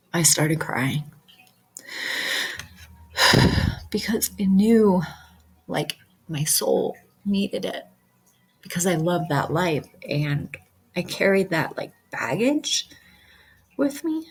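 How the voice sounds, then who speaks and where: Low, breathy, slow-talking woman. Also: lively intonation, rough recording. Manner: earnest, repeats affirmations, many fillers. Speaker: QHHT practitioner. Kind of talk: casual talk to camera.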